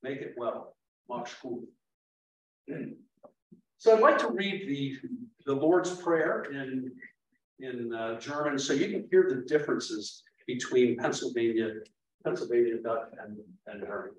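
A man's voice: mid-range voice, expressive, a little slow, a little hiss or hum. A man giving an informal lecture, explaining patiently and repeating foreign words aloud. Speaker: guest lecturer. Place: meeting room. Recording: very echoey room, mic far off.

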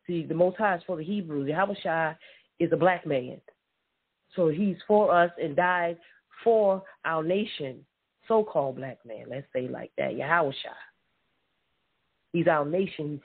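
A preacher giving an informal Bible teaching, reading scripture aloud, often repeating words and affirming with a quiet mm-hmm. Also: mid-range voice, slightly rough. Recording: tinny phone-line audio.

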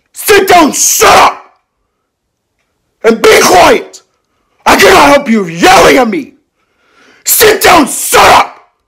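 A man voicing a short-tempered male teacher who explodes into yelling tirades at his class. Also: mid-range voice, a little hiss or hum, close to an everyday voice.

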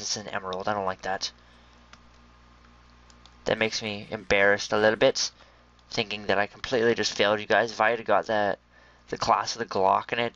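A young man giving chatty, excitable commentary on a video game and talking to his viewers. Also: fairly low pitch, dull audio. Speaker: gameplay commentator. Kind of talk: casual gaming commentary.

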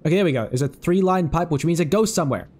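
A man giving casual, excitable commentary on his own game run, swearing freely and chatting to the creatures on screen. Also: a little high, rapid-fire. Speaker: let's play host.

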